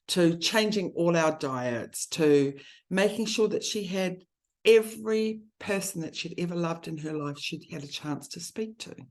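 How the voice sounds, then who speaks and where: Woman, lower voice, heartfelt candid talk, quickens when listing. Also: darkish tone. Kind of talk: candid conversation about grief.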